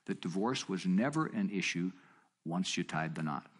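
A middle-aged man leads a marriage seminar in a low, husky voice, chatting with the room and acting out both sides of a conversation. He leaps up in pitch when he wants to make a point. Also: normal speed. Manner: conversational, storytelling with quoted dialogue; animated, jumps up in pitch for emphasis. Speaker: seminar teacher.

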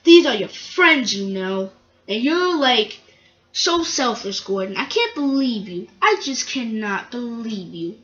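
A woman's voice: on the high side, very animated, measured pace, fairly bright tone, dull audio. A woman voicing a stern male train controller who scolds and lectures an engine in an indignant manner.

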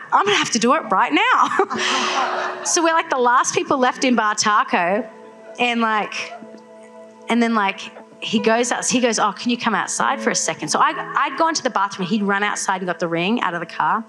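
A young woman from Australia, telling her faith story to a live audience in an animated way, full of "like"s. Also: a little high, brisk, over music. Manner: animated storytelling, many filler "like"s. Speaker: guest speaker.

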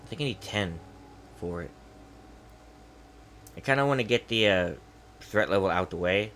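A man's voice: low-pitched, expressive, moderate pace, fairly bright tone, a little hiss or hum. A young man giving casual, rambling commentary while playing a video game, thinking aloud and muttering. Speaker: gameplay streamer. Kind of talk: casual let's-play commentary.

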